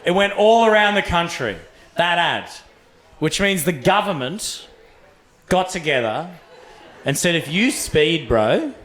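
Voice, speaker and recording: He's a bright, profane Australian stand-up comedian with a high male voice, performing at a measured pace with long pauses. His animated stories feature acted-out voices, captured in an echoey club room with faint ambience.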